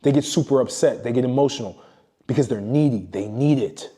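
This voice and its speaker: A man's voice: medium pitch, fairly quick, warm tone. A man giving a blunt, profane motivational monologue as a self-improvement coach, lecturing emphatically.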